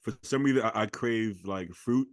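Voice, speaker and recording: A man's voice: lowish voice, normal speed, no room sound, clean studio sound. A man chatting casually as a podcast guest, easygoing and agreeable. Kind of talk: casual chat.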